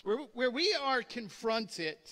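Male pastor mid-sermon, earnest, repeats himself as he builds, high and bright. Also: very animated, takes it slowly. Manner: earnest storytelling with frequent restarts. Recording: long hall reverb.

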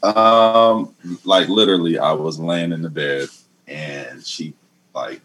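A middle-aged man who is a comedian, telling a story in a casual interview. He mumbles, lets his voice trail off quietly, and jumps higher when quoting himself. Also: slow. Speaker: comedian guest.

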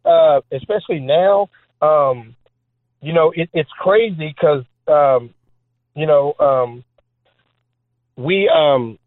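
A man who is a former trick basketball player, guest on an interview show, telling stories in an animated, joking way with many fillers. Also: on the high side, slow pace, long pauses, dry recording. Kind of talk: storytelling interview talk. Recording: phone-like dry line.

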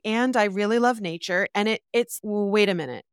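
Woman coach on a podcast, smooth clear voice, dry mic, reflective and explaining with rhetorical questions. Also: mid-range voice, normal speed, hardly any pauses, no room sound. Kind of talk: casual reflective conversation.

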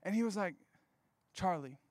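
A young man preaching a casual storytelling sermon, animated and full of "like" fillers. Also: high-pitched, a little fast, clean tone, no echo.

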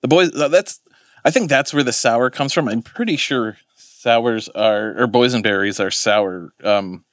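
A man's voice: medium pitch, measured pace, no echo, clean studio sound. A man, co-hosting a podcast in casual chat, rambling and swearing as he corrects himself. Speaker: podcast co-host.

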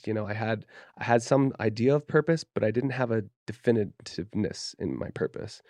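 Guy from utah spilling a wild story, low gravelly fry, swears a lot, dry close sound. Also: darkish tone, no room sound. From Utah, USA. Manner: candid and profane, lots of fillers like "you know" and "dude". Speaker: podcast guest. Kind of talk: casual storytelling. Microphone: podcast studio mic.

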